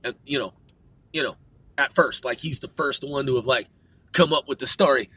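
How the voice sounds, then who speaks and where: A man delivering a profane political rant, crude and full of swearing, filler words and "dude", swinging from muttering to shouting. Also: mid-range voice, moderate pace, husky, no echo. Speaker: political commentator.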